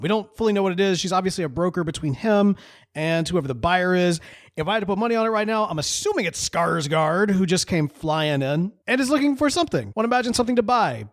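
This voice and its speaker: A man hosting a casual TV recap podcast, chatty and rambling with playful asides. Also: high-pitched. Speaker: podcast host.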